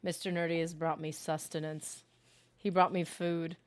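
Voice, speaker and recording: Young woman rambling on her game stream, excitable, kinda low voice, reads chat out loud. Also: normal speed. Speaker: livestream host. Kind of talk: casual gaming livestream chat.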